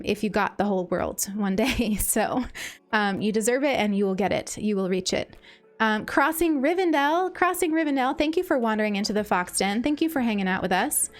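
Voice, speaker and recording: Female streamer, casual and effusive, stumbles over words, light music bed behind. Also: mid-range voice. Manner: gushing and grateful, many ums and restarts. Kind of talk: casual live-stream chat.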